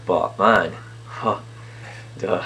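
A man's voice: low voice, drawn-out words, vocal fry, bright, forceful tone, a little hiss or hum. A man talking with himself in a casual improvised comedy skit, rambling and self-mocking, recorded at home on a camera in his sitting room. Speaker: video blogger playing himself and his clone. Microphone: camera on a TV unit.

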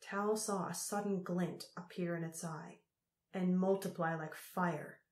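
A woman narrating an audiobook in a steady, measured way. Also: fairly low pitch. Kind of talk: scripted narration. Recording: roomy echo.

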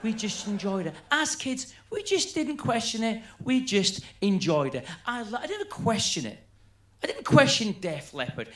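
A man's voice: sits high, moderate pace, echoey room. A man doing a stand-up routine, telling stories animatedly and acting out his friends. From Scotland. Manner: animated storytelling, acts out friends' voices. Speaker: stand-up comedian.

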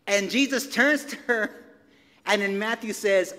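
A man's voice: high voice, measured pace, pushed and bright, in a large hall. A male pastor preaching a sermon in a church, talking in a loose, conversational way with casual slang and repeated phrases. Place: church sanctuary.

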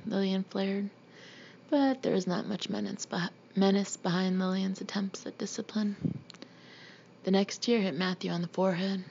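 A woman narrating a novel as an audiobook in a steady, even reading voice. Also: mid-range voice, normal speed, gravelly, muffled recording, a little hiss or hum. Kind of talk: scripted narration.

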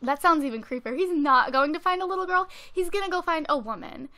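A young woman talks through a life-sim let's play into a desk microphone, chatty and giggly, bossing her characters around. Her voice sits high and sounds bright and sharp. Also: lively intonation, brisk. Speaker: gaming video host. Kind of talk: casual let's play commentary. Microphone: desk USB microphone.

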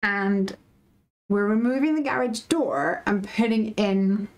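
A woman's voice: medium pitch, takes it slowly, slight background noise, low-quality recording. A woman from the UK hosting a live craft stream, chatting casually and animatedly with viewers and reading out their comments.

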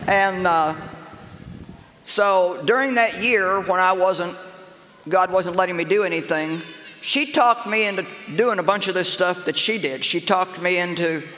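An older woman preaching a humorous sermon, telling stories in an animated, sassy, self-mocking way. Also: lowish voice, slow, pauses often, slight background noise. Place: large church auditorium with a live congregation. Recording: echoey hall with crowd laughter.

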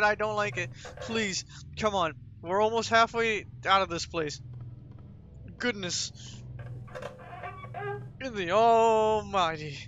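A man commenting on a horror game as he plays, easily frightened, repeating himself over and over and yelling and swearing in alarm. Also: high-pitched. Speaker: gaming channel host. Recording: dull lo-fi with game music. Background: game soundtrack music.

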